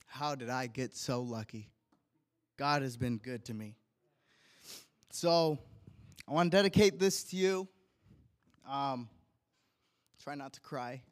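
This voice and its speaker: A young man in church reading a heartfelt tribute to his wife from his notes, earnest and deliberate. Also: medium pitch. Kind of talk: read tribute speech in church.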